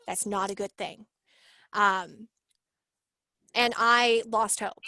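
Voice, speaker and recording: A woman in her late twenties on a video call, telling her story in an emotional, animated way and acting out what people said. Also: mid-range voice, takes it slowly, no room sound. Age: 20s. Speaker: workshop guest sharing her story. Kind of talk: casual video-call chat.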